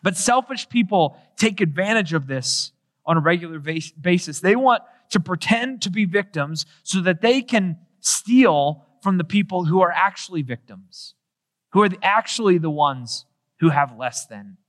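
Man preaching earnest sermon, high voice, long reverb, rhetorical questions. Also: lively intonation, normal speed, a bit bright. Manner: earnest, rhetorical questions, acts out quoted dialogue.

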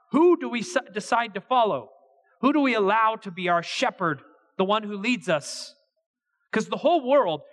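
A male pastor preaches his sermon in a conversational, earnest way. His voice sits high for a man. The sound rings with the long reverb of a church hall. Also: fairly bright tone.

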